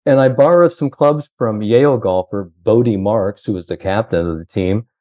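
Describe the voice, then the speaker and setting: A man's voice: lowish voice, moderate pace, dry recording, muffled recording. An older man, a sports psychologist, telling long rambling anecdotes full of "you know".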